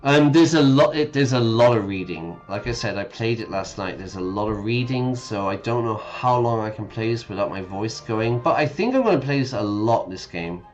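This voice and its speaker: A man's voice: fairly low pitch, expressive, moderate pace, hardly any pauses, a little mellow, highs cut off, faint music behind. A man reading game text aloud and patiently explaining words to English learners, often checking in with listeners. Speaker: English teacher streaming a game.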